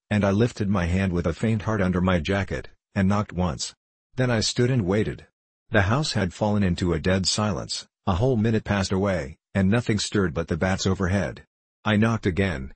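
A man reading a novel aloud as a steady, measured narrator. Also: deep voice, slightly rough, dry recording. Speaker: audiobook narrator. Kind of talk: scripted narration.

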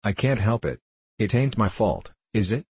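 A huge, slow-witted man from a storybook stumbles and repeats himself helplessly, as a male narrator reads him. His voice sits very low and husky. The recording is close and dry. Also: very animated, a little mellow, no echo, heavily acted. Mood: pleading.

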